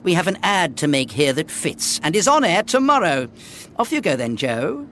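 Pompous ad director. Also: male voice, fairly high pitch, very animated, normal speed, noisy background. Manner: pompous, bossy, sarcastic. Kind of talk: comic studio direction. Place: recording studio.

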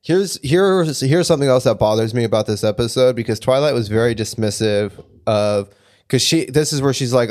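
A man co-hosting a casual chat, telling stories in a lively way. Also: mid-range voice, a little fast. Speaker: podcast co-host.

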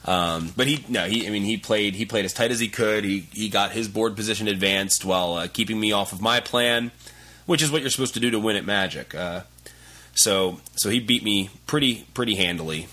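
A man's voice: fairly low pitch, brisk, sharp tone. A man hosting a podcast, talking casually in a rambling, self-deprecating way. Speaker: podcast host.

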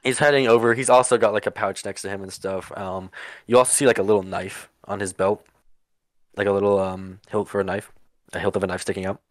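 A man's voice: lowish voice, flat delivery, a little fast, no echo. A man acting as game master, narrating a tabletop game in a rambling way with many fillers and casual swearing.

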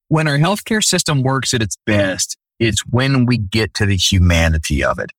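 A man's voice: mid-range voice, big pitch swings, normal speed, a bit bright, no echo, rough recording. A middle-aged man telling an earnest personal story in a conversation.

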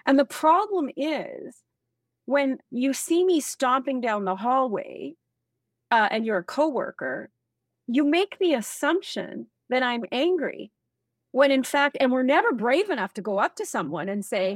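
A woman speaking as a leadership expert in an interview, energetic and acting out example dialogue as she explains. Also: high-pitched, measured pace, no echo. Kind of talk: animated interview talk.

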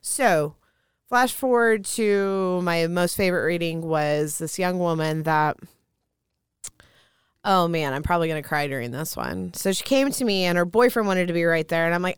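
Frank, clear-voiced woman telling stories. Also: fairly low pitch, moderate pace, no echo, clean studio sound. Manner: candid storytelling with frequent swearing. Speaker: spiritual reader, podcast guest. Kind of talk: casual chat.

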